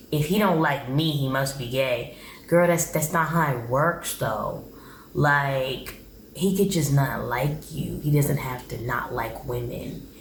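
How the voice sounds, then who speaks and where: A young woman talks through a show recap in a blunt, exasperated, opinionated way. Her voice sits a little low, and the room around her rings with echo over a faint background hum. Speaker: TV show reviewer. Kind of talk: casual recap vlog.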